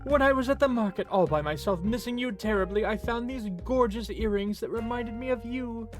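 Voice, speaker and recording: A streamer voicing an excitable, doting undead friend who talks theatrically, with faint music behind. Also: medium pitch, fairly quick, voice pushed up, natural voice. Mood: gushing. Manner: gushing, theatrical.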